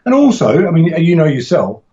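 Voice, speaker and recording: A man's voice: fairly high pitch, wildly swooping pitch, fairly quick, dark tone, muffled recording. A man talking casually as a podcast guest about teaching martial arts, rambling and enthusiastic, with frequent restarts and laughs.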